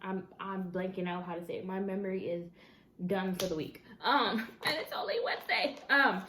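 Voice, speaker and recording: A woman's voice: mid-range voice, normal speed, pushed and bright, reverberant, slight background noise. A woman chatting casually to camera as a mukbang vlogger at her dining table, rambling with fillers and correcting herself.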